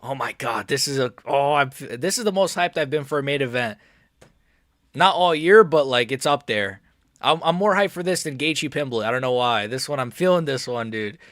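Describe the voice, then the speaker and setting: A young man chatting casually during a live stream, excitable and rambling, and he keeps repeating how nervous he is. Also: mid-range voice, moderate pace, no echo, studio quality. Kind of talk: live watch-along chat.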